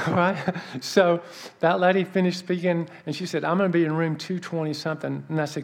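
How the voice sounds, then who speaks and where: Gravelly man preaching with a story. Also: fairly high pitch, a little fast, few pauses. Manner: earnest, animated storytelling, dropping soft for emphasis. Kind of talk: storytelling sermon.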